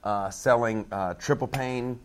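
Middle-aged comic guy telling stories, acts out the characters, gets loud. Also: medium pitch, measured pace, a little hiss or hum. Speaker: comedian guest. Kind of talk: casual podcast chat.

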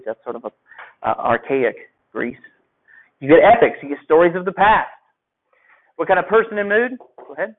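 A male teacher giving a classroom lecture, talking conversationally and asking his students questions. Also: high-pitched. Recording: phone-like lo-fi audio.

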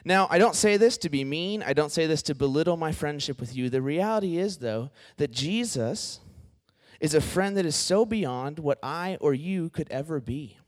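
A man's voice: a little high, animated, moderate pace. A man preaching a casual youth sermon, joking and acting out quoted friends.

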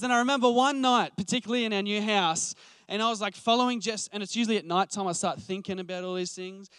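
Man, late twenties, preacher, passionate and rambling, fairly high voice, dry close sound. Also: fairly quick, fairly bright tone, smooth, no room sound. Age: late 20s. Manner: passionate, thinks aloud with restarts and fillers. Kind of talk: conversational sermon.

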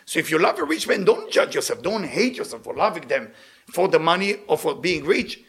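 A man giving a religious lecture, telling stories in an animated way and often laughing. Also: a little high, fairly quick, gravelly. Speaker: Torah teacher.

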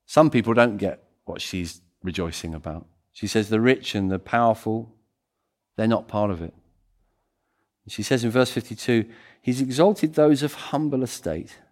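A man preaching a sermon as pastor, swinging between excited loud passages and quiet, intimate ones. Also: fairly low pitch. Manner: animated, swings from loud to hushed.

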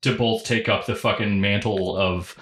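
A man's voice: lowish voice, steady tone, normal speed, fairly bright tone. A man hosting a podcast in casual chat. He rambles, swears a lot, mocks himself and laughs often. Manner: rambling, profane, self-mocking, laughs often. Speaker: podcast host. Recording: roomy echo.

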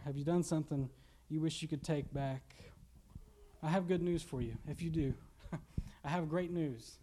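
Guy with a kentucky accent preaching, high-ish voice, jokey and casual, young. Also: dark tone. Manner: casual, joking preaching with laughs and asides. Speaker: pastor. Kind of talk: sermon.

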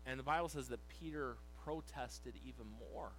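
A male pastor preaching a sermon, reading scripture slowly and shifting between loud emphasis and quiet. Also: mid-range voice, slight background noise, low-quality recording.

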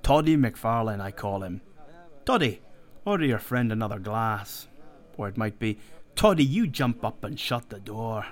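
A man's voice: lowish voice, animated, unhurried. A man playing a coarse, bossy rogue. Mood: boisterous. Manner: rude, domineering, boisterous. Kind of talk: audiobook character reading.

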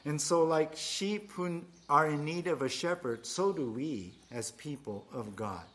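A man's voice: on the high side, expressive, measured pace, a bit bright. Conversational male pastor preaching. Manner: conversational, with playful asides and fillers. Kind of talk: sermon.

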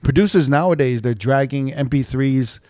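Profane rambling DJ co-host. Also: male voice, mid-range voice, moderate pace, darkish tone, no room sound, studio quality. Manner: rambling, profane, filler-heavy storytelling. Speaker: podcast co-host, DJ. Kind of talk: casual chat.

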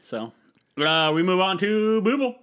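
A bright, high-pitched man trades jokes in loose podcast chat. His voice leaps around a lot as he acts out quoted lines. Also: sing-song, unhurried, clear, resonant tone. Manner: joking, acts out quotes with big shouted swings. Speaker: podcast co-host. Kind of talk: casual banter.

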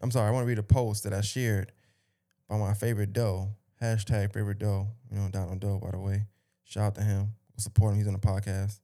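A man's voice: lowish voice, little pitch movement, fairly quick, mellow. Emphatic man ranting on a podcast. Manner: emphatic, repetitive, rambling with restarts. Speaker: podcast host. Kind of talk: casual motivational monologue.

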